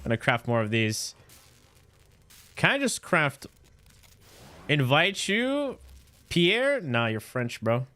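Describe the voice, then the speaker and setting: A man's voice: mid-range voice, lively intonation, measured pace, long pauses, bright, forceful tone. Joking, rambling young gamer man. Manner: joking, rambling, swears freely, stumbles over words. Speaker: video game streamer. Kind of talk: casual live-stream gaming chat.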